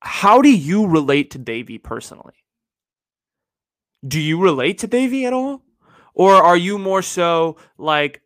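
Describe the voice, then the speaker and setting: A man's voice: high voice, big pitch swings, measured pace, fairly bright tone, no room sound, clean studio sound. A young man from the Bay Area hosting a podcast in a loose, rambling monologue, repeating himself and filling gaps with "like" and "you know.". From San Francisco Bay Area. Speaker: podcast host. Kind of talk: casual one-sided podcast monologue.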